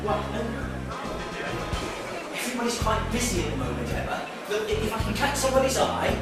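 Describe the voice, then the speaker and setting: A man's voice: very high voice, wildly swooping pitch, fairly quick, heavily acted. An actor in a stage play playing Bob, a brash, pushy game show host who talks down to his contestant. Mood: patronizing. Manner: showy, bossy, speaks down to the contestant. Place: theatre stage. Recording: echoey theatre from far off, faint music.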